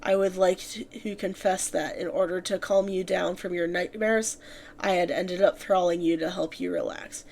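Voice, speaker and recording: A woman voicing a tender male vampire reading his own letter aloud, in a gentle, earnest manner. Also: fairly low pitch, steady tone, normal speed, creaky, slight background noise. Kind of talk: fanfiction read aloud.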